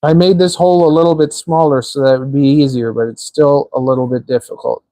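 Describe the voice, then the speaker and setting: A man's voice: on the high side, steady tone, quick pace, warm tone, dry recording. A man hosting a live stream, chatting casually and joking while he assembles small parts, rambling with lots of filler words. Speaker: livestream host building a drone.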